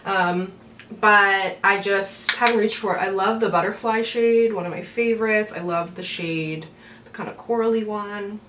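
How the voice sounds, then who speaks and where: A woman's voice: medium pitch, moderate pace, a bit bright, recorded from a distance. A chatty woman talks through her makeup routine, rambling with little laughs and fillers. She sits back from the camera mic in an echoey room at home. A faint hum of the room stays under her voice. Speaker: beauty vlogger. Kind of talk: get-ready-with-me makeup chat.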